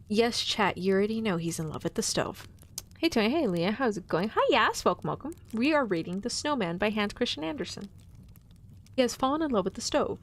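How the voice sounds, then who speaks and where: A woman's voice: mid-range voice, sing-song, brisk. Chatty woman streamer reading aloud. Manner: chatty, playful asides to chat. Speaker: vtuber host reading a story. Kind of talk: casual storytelling stream.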